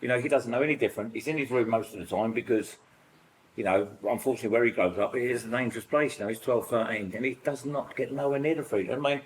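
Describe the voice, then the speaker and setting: A middle-aged British man with a British accent, sharing childhood stories in a recovery group, rambling and animated with lots of fillers. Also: mid-range voice, quick pace, slight background noise, poor audio. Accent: British English. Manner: rambling, animated storytelling full of fillers and acted-out quotes. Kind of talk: personal sharing in a support group.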